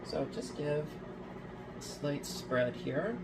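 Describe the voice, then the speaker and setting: With heavy background noise behind, a home baking vlogger talks slowly and animatedly at medium pitch. She chats casually through a recipe demo in her kitchen, tossing in playful jokes.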